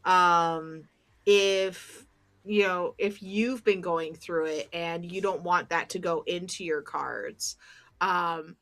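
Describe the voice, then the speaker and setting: A woman's voice: on the low side, steady tone, slow, a bit bright. A woman co-hosting a casual stream, explaining tarot practice with frequent ums. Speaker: tarot reader and co-host. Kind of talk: casual chat.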